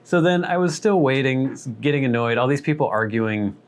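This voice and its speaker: A man's voice: medium pitch, animated, normal speed, smooth. A man hosting his vlog, telling a rambling, wry, self-deprecating story in a casual way. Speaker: vlog host.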